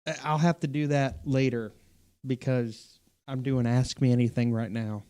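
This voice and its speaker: A man's voice: medium pitch, fairly even intonation, normal speed, darkish tone, clean tone. A man hosting a live stream as a pastor, chatting casually with viewers and rambling through fillers, restarts and self-corrections.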